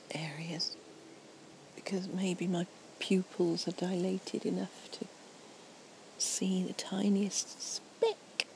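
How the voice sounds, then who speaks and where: Outdoors at night near trees and a fountain, a slightly tipsy woman whispers a soft, rambling ASMR chat into a portable recorder. Her voice is on the low side, and the poor audio carries a little hiss or hum.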